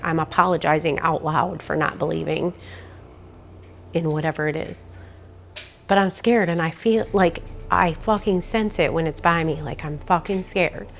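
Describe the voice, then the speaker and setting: Frightened, swearing woman with creaky voice. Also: fairly low pitch, slight background noise. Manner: rambling, swearing, nervous. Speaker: homeowner reporting a haunting. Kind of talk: casual interview.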